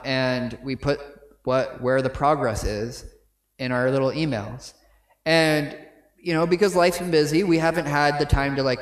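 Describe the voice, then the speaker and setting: The voice is a man's, mid-range, echoing in a reverberant church sanctuary as he preaches. This pastor keeps things conversational, regularly checking in with listeners through "right?" asides.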